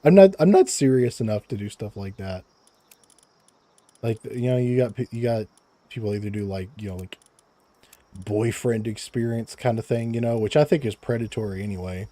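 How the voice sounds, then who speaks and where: Casual streamer, young man, low voice, mellow tone, stumbles over words, laughs a lot. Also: moderate pace. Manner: stammers and repeats words, laughs often. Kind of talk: casual live-stream chat while gaming. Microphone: close desk microphone.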